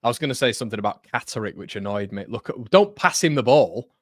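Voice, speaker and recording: A young man reacts live to a football match as he hosts a watchalong, chatting to viewers. He is excitable and swings from sudden shouts to low mutters. His voice sits at an ordinary pitch, and the sound is dry and close. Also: fast talker, no room sound. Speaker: watchalong host.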